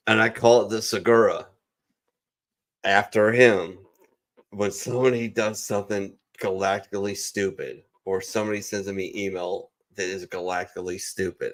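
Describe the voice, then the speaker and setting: Over an online call microphone, a male host of a veterans' talk show wraps things up in a casual chat. His voice is low and gravelly, and he rambles, using fillers and restarting his sentences.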